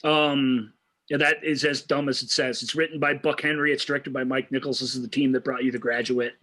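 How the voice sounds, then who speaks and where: A man's voice: mid-range voice, flat delivery, fairly quick, sharp tone. A man co-hosting a movie show, talking casually and enthusiastically, often restarting his sentences. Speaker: co-host of a movie review show. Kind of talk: casual film discussion.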